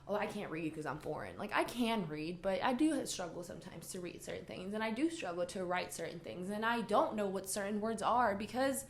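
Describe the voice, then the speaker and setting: This podcast co-host, a native Spanish speaker, rants heatedly with lots of swearing during a casual chat. Her mid-range voice is expressive and a little fast with few pauses, and the recording has a roomy echo plus a little hiss or hum.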